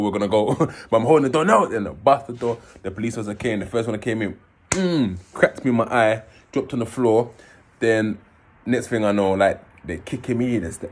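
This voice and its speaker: A man, casually telling his own story in an animated way, swearing and acting out scenes. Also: medium pitch, slight background noise. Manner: animated, swearing, acts out scenes in raised voices.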